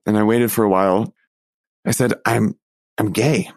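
A young man earnestly telling a personal story, halting often and restarting his sentences. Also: on the low side, fairly even intonation, no room sound. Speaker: storyteller recounting his coming out.

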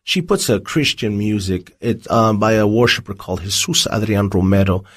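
A man's voice: fairly low pitch, normal speed. A man giving a personal testimony as an interview guest, telling his story vividly. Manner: vivid storytelling, acts out dialogue.

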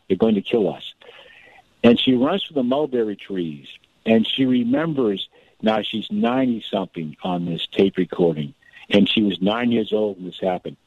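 A man with a gravelly, creaky voice tells a family story as a guest on a radio interview. His pitch swings widely as he talks, stopping and restarting in quick bursts. The sound is dry and a little dull, like a lo-fi radio feed. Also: no room sound. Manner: animated, restarts often, storyteller. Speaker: author and guest.

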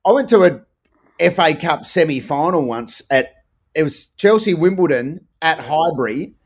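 A man with an Australian accent, a podcast co-host chatting casually and telling animated sports stories. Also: on the high side, moderate pace, slightly rough. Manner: animated storyteller, sings chant snippets. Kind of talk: casual chat.

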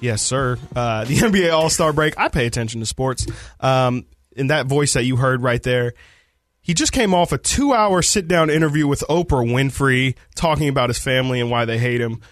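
A man's voice: mid-range voice, animated, normal speed, no room sound. A young man hosting a casual sports podcast in a radio studio, talking in a laid-back, rambling way with lots of fillers. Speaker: podcast host.

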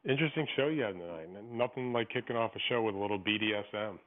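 A man's voice: on the low side, rapid-fire. A man from Philadelphia calling in to a radio show by phone, ranting in an opinionated, rambling way. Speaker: caller. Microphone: telephone. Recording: tinny phone line on radio.

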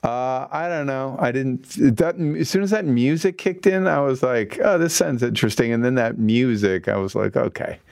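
A man's voice: mid-range voice, moderate pace, vocal fry, few pauses, a little mellow, no echo, studio quality. A man hosting a film segment in casual, rambling chat, often correcting himself. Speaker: host.

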